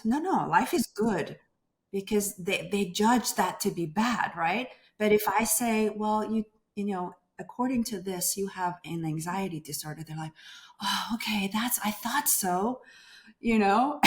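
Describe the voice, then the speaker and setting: A woman in her thirties, a doctor, is a guest in a conversational interview. She speaks at a medium pitch in an expressive way and acts out the voices of the people she quotes.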